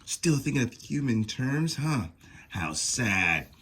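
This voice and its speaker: A man's voice: mid-range voice, sing-song, takes it slowly, fairly bright tone, breathy edge, heavily acted. A man voicing a cruel female nightmare demon queen who taunts and mocks with gloating laughs. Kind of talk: reading comic dialogue aloud.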